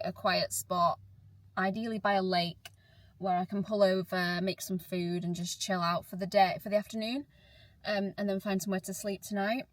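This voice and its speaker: A woman's voice: medium pitch, no room sound. Chatty woman vlogging from her car. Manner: chatty, laughs often, thinks aloud. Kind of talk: casual vlog to camera. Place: inside a car. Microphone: handheld camera.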